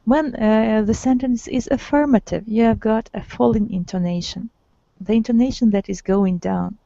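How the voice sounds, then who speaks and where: A woman's voice: on the high side, normal speed, gravelly, warm tone, dry recording, highs cut off. A woman teaching an online English grammar lesson, patiently correcting and repeating words for her students.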